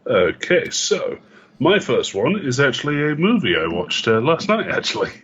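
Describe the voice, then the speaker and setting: A man co-hosting a podcast in a husky voice that moves up and down a lot as he talks. He eases into each point with hesitant starts. The sound is dull and lo-fi. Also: medium pitch, wildly swooping pitch, moderate pace, a bit bright. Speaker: podcast co-host. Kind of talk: casual chat.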